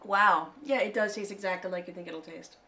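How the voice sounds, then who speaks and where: An American woman co-hosting a relaxed chat at a mid-range pitch. She is playful and chatty, tossing off asides and laughing easily. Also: brisk, gravelly. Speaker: co-host. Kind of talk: casual chat.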